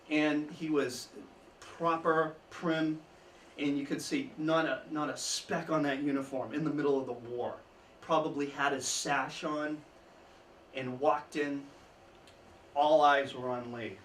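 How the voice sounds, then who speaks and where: A man's voice: fairly high pitch, a little slow, pauses often. Man telling history in an echoey room. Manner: storytelling, chuckling asides, lively emphasis. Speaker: history speaker. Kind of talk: informal history talk to an audience. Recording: echoey room, mic at a distance, faint background noise.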